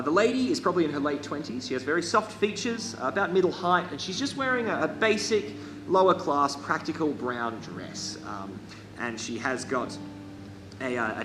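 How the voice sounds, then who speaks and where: A man narrating as game master of a live tabletop game, rambling and correcting himself with many fillers. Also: mid-range voice. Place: hall. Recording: echoey hall with background noise.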